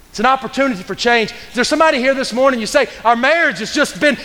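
A man preaching a sermon with fervent, repetitive delivery that builds to loud bursts. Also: very high-pitched, fast talker. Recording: long hall reverb.

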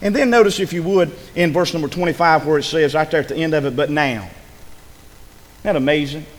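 A man preaching a sermon to his congregation, swinging from loud shouts down to hushed, low pleading. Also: brisk, big-room sound. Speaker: pastor. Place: church sanctuary.

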